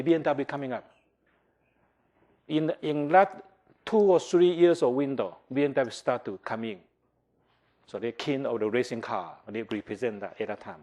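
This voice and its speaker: Man, older, from taiwan, university lecturer, classroom lecture, animated, english. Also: mid-range voice. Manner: animated, acts out customer reactions, asks the class questions; non-native English, simplified grammar. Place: lecture hall.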